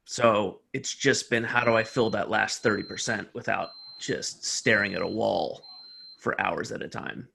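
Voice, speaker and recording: Young dude cohosting, gravelly voice, kinda bright. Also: male voice, on the low side, fairly even intonation, a little slow. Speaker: podcast co-host. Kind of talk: casual chat.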